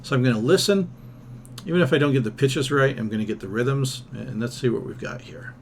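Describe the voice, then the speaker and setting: A man with a medium-pitched, expressive voice and some vocal fry speaks a little fast in a recorded ear-training lesson on music theory. He thinks aloud, sings solfège and scat syllables to demonstrate, and adds casual, self-deprecating asides.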